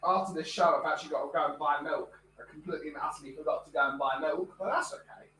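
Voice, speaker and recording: A man's voice: a little high, steady tone, fast talker, pushed and bright, a little hiss or hum. A man chatting casually on a live stream, rambling with lots of fillers.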